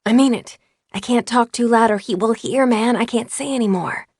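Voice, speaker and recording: A woman voicing a young man who whispers a hushed, urgent warning to a friend. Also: very high voice, normal speed, breathy edge, no room sound, studio quality, voice pushed up, exaggerated voice.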